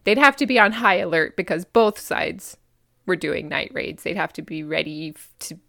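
A woman's voice: fairly low pitch, lively intonation, normal speed, vocal fry, pushed and bright, no room sound, studio quality. An American woman co-hosting a podcast, chatting casually about history with many fillers and frequent laughs. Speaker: podcast co-host.

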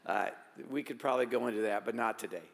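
A man preaching a sermon as pastor, shifting between emphatic raised lines and quiet asides. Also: fairly low pitch, fast talker, creaky, long reverb tail.

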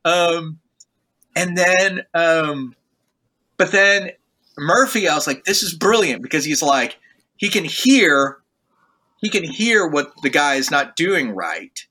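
A man's voice: on the high side, expressive, slow, bright, forceful tone. A man co-hosting a casual music podcast, telling stories animatedly and vocalizing guitar sounds. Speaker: podcast co-host. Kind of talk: casual chat.

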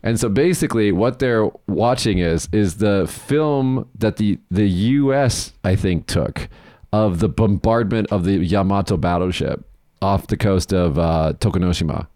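A man's voice: on the low side, a little slow, hardly any pauses, mellow, no room sound, studio quality. A man in his thirties who co-hosts a podcast, telling a long story with plenty of swearing and laughter. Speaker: podcast co-host. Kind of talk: casual storytelling chat.

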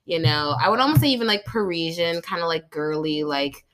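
A bright, crisp-toned woman chats casually as a podcast co-host. She tells stories in an animated way, swears freely, and acts out the people in them. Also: lowish voice, a little fast. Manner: animated, swearing, storytelling with voices.

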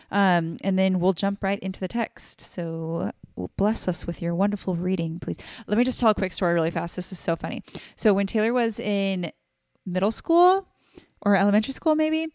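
A woman's voice: fairly low pitch, dry recording, studio quality. A woman co-hosting a casual Bible study podcast, talking earnestly with many fillers. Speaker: podcast co-host.

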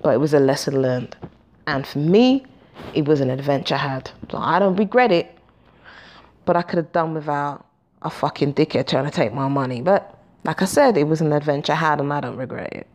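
Low-voiced woman telling a story. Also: a little fast. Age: 40s. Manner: animated, profane, acts out dialogue. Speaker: podcast host. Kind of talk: casual storytelling.

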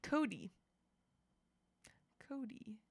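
A playful, giggly woman running a quiz on a casual chat show. Her pitch swoops all over as she speaks, unhurried and drawn out. There is a gravelly fry at the ends of phrases, and the sound is dry and close. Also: big pitch swings, no echo. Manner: playful, giggly, jokey quizmaster. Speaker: podcast co-host running a quiz game.

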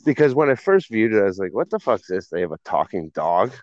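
Casting: low-voiced guy, giggly stoner banter, muffled dry recording. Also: sing-song, fast, dry recording. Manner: giggly, laughs often, rambling stoner banter. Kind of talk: casual chat. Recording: dull, muffled dry sound.

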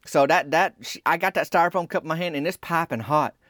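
A man telling a rambling, deadpan comic story in a conversational way. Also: fairly high pitch, quick pace, no echo, clean studio sound.

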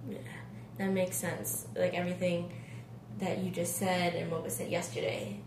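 A woman's voice: fairly low pitch, level tone, moderate pace, background noise. Easygoing woman guest in a roomy space. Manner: easygoing, brief agreeing replies. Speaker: podcast guest. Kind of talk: casual podcast conversation.

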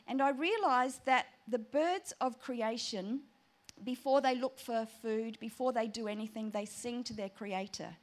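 Chatty woman preaching, fairly high. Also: a little slow. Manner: animated, chatty storytelling. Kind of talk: personal testimony sermon.

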